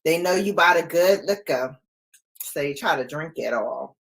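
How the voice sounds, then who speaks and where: A woman in her forties chatting casually with live viewers from home, playful and quick to laugh. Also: deep voice, lively intonation, creaky. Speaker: livestream host.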